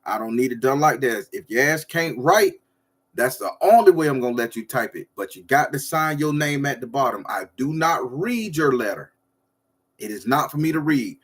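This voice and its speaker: A man hosts a casual livestream. He rambles loosely and talks straight to his viewers, with a voice of ordinary, middling pitch. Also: expressive, moderate pace, husky. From southern Florida. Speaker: livestream host.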